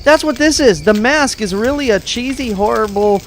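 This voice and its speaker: High-voiced man chatting casually. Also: moderate pace, a little hiss or hum, rough recording. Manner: laughs often, rambling, animated storytelling. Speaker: radio show co-host. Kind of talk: casual movie review chat.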